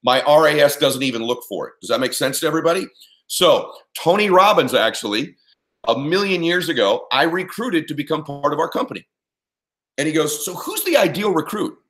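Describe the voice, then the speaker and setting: A man's voice: fairly high pitch, expressive, fairly quick, a bit bright. A man giving punchy, emphatic advice as an interview guest, often checking that his listeners follow. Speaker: interview guest, performance coach. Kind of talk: motivational interview answer.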